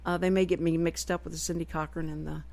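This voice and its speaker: A woman with a Texan accent hosts a radio talk show from the studio, chatting casually in a rambling, self-deprecating way. Her voice is deep, level, fast, and a little mellow.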